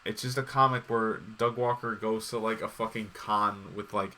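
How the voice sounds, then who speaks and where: A man's voice: on the low side, fairly even intonation, normal speed, sharp tone. A man hosting a casual chat, rambling and swearing, with lots of fillers and restarts. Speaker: podcast host.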